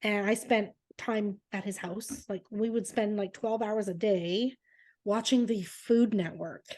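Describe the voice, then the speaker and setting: A woman co-hosting a casual chat podcast, telling lively family stories with laughter and acting out her dad's lines. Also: mid-range voice, a little slow. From Canada. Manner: animated storyteller, laughs often, does voices of her dad. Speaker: podcast co-host.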